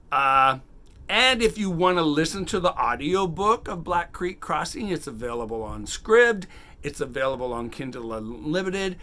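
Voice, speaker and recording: Lively, bright-voiced man reviewing horror books. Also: on the high side. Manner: chatty, animated, retells scenes in quick quoted snippets. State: has the hiccups. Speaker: book review channel host. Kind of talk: casual unedited book review.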